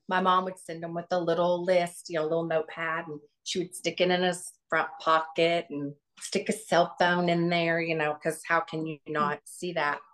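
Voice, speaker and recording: Earnest middle-aged woman recalling memories. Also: fairly low pitch. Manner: earnest, reflective, many restarts. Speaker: guest. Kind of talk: interview, personal recollection.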